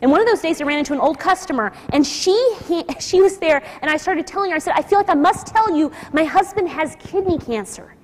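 A woman's voice: very high voice, lively intonation, a little fast, few pauses. A woman telling a personal story to an audience, emotional, acting out the people she quotes. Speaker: speaker at a nursing school talk. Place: lecture hall. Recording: lecture hall with long reverb.

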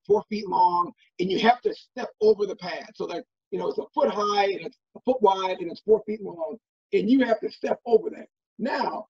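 A middle-aged man from Minnesota telling stories as an interview guest, animated and full of restarts and fillers. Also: high-pitched, gravelly, husky. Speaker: guest, former football player. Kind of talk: casual interview storytelling. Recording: dull lo-fi audio.

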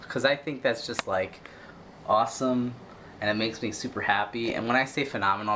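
A man's voice: medium pitch, moderate pace, noisy background. A man vlogging, giving an earnest, upbeat pep talk in a rambling, casual way with lots of fillers. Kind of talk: casual motivational vlog talk.

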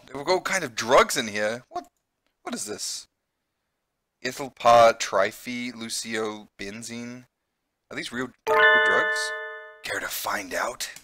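A man's voice: medium pitch, bright, forceful tone, no room sound. A man with a New Zealand accent who teaches English, reading a visual novel aloud and chatting in a teacher's explaining way.

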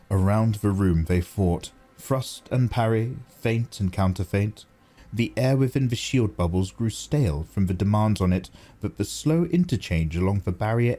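Low-voiced man reading an audiobook. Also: warm tone. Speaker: audiobook reader. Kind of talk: audiobook narration.

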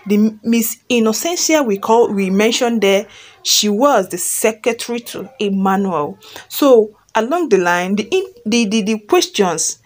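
A woman who reads a fan story aloud and then retells it chattily, often checking in with listeners and repeating herself. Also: on the high side.

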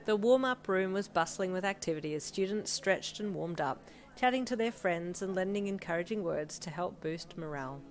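A woman reading her own fanfiction aloud in an expressive narrating voice. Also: on the low side, moderate pace, rough recording. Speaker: fanfiction reader. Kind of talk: story narration.

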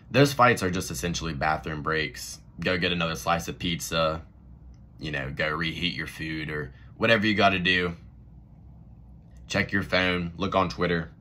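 A man hosting his own MMA video channel, giving a blunt, profane casual rant straight to his viewers. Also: extremely low pitch. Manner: blunt, profane, animated ranting. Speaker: MMA commentary vlogger.

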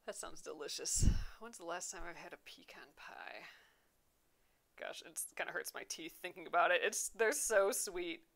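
A woman's voice: fairly low pitch, normal speed, gravelly, a bit bright. A young adult woman hosting a casual craft livestream, chatting and reading viewer comments aloud with frequent laughs. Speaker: embroidery livestream host.

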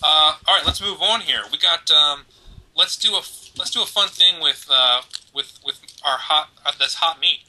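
Bright rambling male podcast host. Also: on the high side, normal speed, slight background noise, rough recording. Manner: rambling, joking, many fillers and restarts. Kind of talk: casual chat, giving away prizes.

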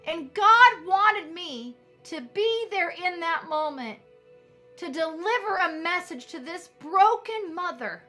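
A woman's voice: extremely high pitch, lively intonation, takes it slowly, fairly bright tone, faint music behind. A woman telling a personal faith testimony in a fervent, emphatic storytelling manner, as a ministry leader addressing her viewers. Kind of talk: testimony sermon.

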